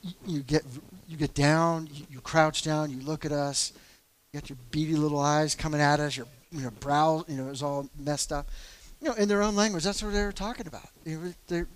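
A middle-aged man speaks about faith in a relaxed, conversational way. He tells on himself with candid, self-deprecating humor, padding his sentences with fillers and restarts. His voice sits slightly higher than most men's. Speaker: church elder. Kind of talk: casual talk on faith.

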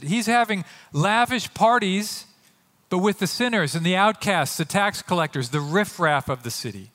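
Animated male preacher, echoey hall. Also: high-pitched, normal speed. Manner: earnest, animated preaching with acted-out quotes. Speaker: pastor. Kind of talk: sermon. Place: church sanctuary.

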